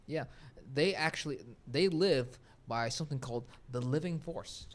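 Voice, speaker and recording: A man hosting a casual group podcast chat, animated and playful, often restarting and repeating his words. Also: medium pitch, normal speed, slight background noise. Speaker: podcast host.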